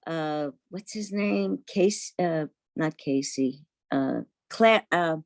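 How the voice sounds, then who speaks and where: An older woman with a New York accent tells stories from her career in a lowish voice. She acts out the voices of the people she quotes, and the recording sounds dry and close. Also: takes it slowly, a little mellow, dry recording. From Brooklyn, New York. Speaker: voice actress guest. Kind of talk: casual interview chat.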